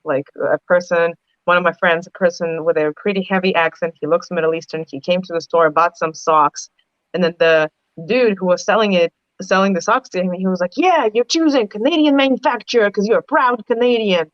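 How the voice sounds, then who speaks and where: A woman's voice: on the low side, steady tone, a little fast, no echo. Woman panelist telling stories, bouncy voice, muffled dry call audio. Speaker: podcast panelist. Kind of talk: casual group discussion.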